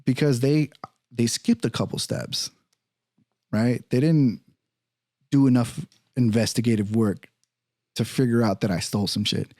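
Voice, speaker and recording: A young man in casual podcast talk, telling a personal story in a profane, animated way and acting out the other people's lines. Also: medium pitch, unhurried, pauses often, dry recording, studio quality. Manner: profane, animated, acts out quoted voices.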